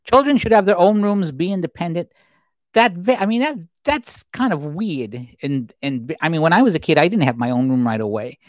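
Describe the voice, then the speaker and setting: A man in his fifties hosts a plain livestream, his pitch rising and falling freely as he rambles through commentary. He circles back on himself with restarts and asides. The sound is dry and close, with no room around him. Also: very animated, moderate pace, no room sound, rough recording. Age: 50s. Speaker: livestream host. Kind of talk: solo political commentary livestream.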